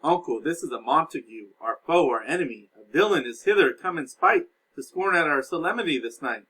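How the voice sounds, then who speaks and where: A man's voice: fairly high pitch, expressive, fairly quick, pushed and bright, husky, heavily acted, rough recording. A man voicing a hot-tempered young nobleman who angrily threatens to fight. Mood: angry. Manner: angry, threatening.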